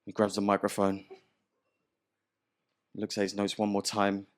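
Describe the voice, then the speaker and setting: A man's voice: lowish voice, monotone, moderate pace. A young man performing stand-up in a comedy club, slangy conversational storytelling on a handheld mic. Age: young adult. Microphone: handheld stage microphone. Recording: live club audio with audience noise.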